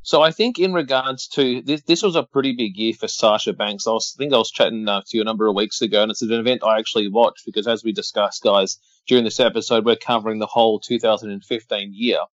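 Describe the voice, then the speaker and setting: A man's voice: lowish voice, fast talker, hardly any pauses, no echo, lo-fi sound. A man co-hosting a podcast, chatting casually and calling the action as he watches along. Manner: chatty, running play-by-play with laughs. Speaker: podcast co-host.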